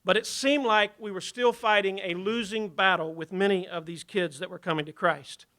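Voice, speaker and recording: Bright, high Southern man speaking. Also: steady tone, normal speed. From Virginia. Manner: folksy and conversational. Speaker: ministry leader. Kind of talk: speech to an audience.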